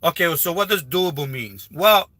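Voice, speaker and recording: High-voiced, bright, rambling man. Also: moderate pace, no room sound. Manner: rambling, repetitive, with frequent restarts. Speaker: livestreaming YouTuber. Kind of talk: casual live stream advice talk. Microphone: phone held while livestreaming.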